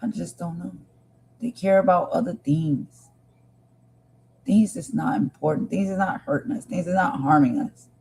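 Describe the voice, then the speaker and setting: A woman's voice: lowish voice, normal speed, creaky, a little mellow, slight background noise, low-quality recording. A woman hosting a live stream, talking with feeling and emphasis, repeating her points and speaking straight to her viewers. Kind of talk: impassioned live stream commentary.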